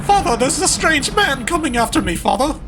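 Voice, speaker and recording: A man voicing a frightened young man who keeps crying out for his father in a high, pleading voice. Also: big pitch swings, normal speed, noisy background. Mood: panicked. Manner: high, pleading, repeated cries.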